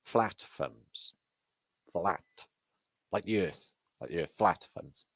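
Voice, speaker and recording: A man's voice: low-pitched, slow, fairly bright tone, slightly rough, no echo. A man hosting his own channel, chatting casually with viewers on a live stream, greeting them by name and swearing freely. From Britain. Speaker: channel host.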